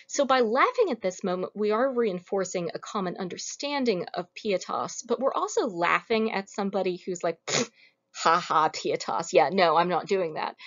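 A woman giving a recorded lecture in a casual, wry, conversational way. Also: a little high. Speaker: lecturer on Roman comedy. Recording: muffled lo-fi recording.

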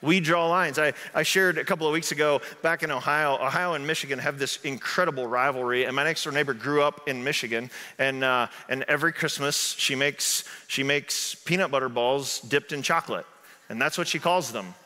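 A man's voice: medium pitch, a little fast, pushed and bright. A male pastor from southern Indiana preaching a conversational sermon in a church, often asking "right?". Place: church sanctuary. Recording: echoey sanctuary hall.

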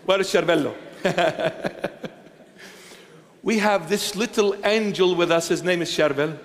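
A man preaching a sermon as a bishop, impassioned and repetitive, swinging from loud declarations to hushed tenderness. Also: high voice, a little slow, in a large hall. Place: church.

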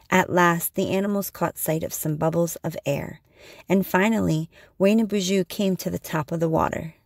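Gravelly woman reading a story. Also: lowish voice, darkish tone, no echo, studio quality.

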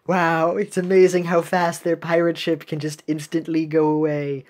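A woman's voice: sits low, little pitch movement, moderate pace, few pauses, a little mellow. A woman hosting a game video who chats casually about the cutscenes, musing and trailing off with ums.

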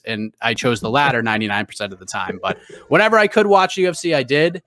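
A man's voice: mid-range voice, lively intonation, fast talker, sharp tone, no room sound, clean studio sound. A man with a Boston accent, a guest on a podcast, telling stories in a chatty way with lots of restarts and fillers. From New England, US. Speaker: guest, MMA reporter. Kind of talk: casual podcast interview.

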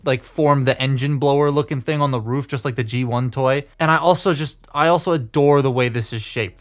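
Male toy reviewer at a mid-range pitch, informal and hands-on, narrating step-by-step with easygoing chatter and jokes at his own expense. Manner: chatty, self-deprecating, talks through hands-on steps. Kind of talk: casual toy review and transformation walkthrough.

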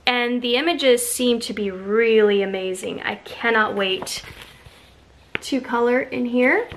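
A woman in her thirties talks through a shopping haul in a casual, gushing way, thrilled by each find. Her voice sits a little on the high side, with a faint hiss of noise underneath. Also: measured pace, fairly bright tone. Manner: gushing, enthusiastic. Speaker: haul vlogger. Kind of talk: casual show-and-tell haul.

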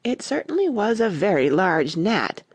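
A woman reading a classic storybook aloud as an audiobook narrator, expressive and animated. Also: mid-range voice, normal speed, slightly rough, dry recording.

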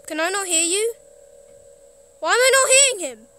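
A woman's voice: very high voice, animated, moderate pace, heavy background noise. A woman playing a horror game, jittery and talking to herself as she goes. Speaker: gaming streamer. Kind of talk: horror game let's play.

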